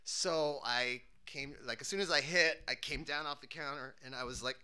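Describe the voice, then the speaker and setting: A man's voice: medium pitch, moderate pace, bright, forceful tone, clean tone. A man telling a funny personal story, acting out the scenes with cries and screams.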